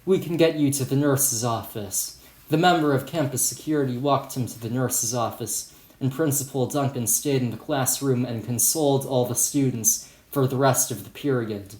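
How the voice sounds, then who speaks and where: A man's voice: mid-range voice, darkish tone. Man reading a story in an echoey room. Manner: casual, profane storytelling. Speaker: audiobook narrator. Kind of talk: audiobook reading.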